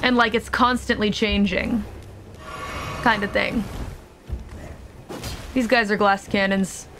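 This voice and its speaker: A woman's voice: medium pitch, steady tone, slow, over music. A young woman streaming a video game, chatting casually with her audience, joking around and swearing freely. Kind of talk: casual live-stream commentary.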